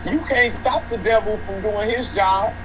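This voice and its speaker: A man talking slowly and reflectively as a guest in casual conversation. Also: sits high, very noisy.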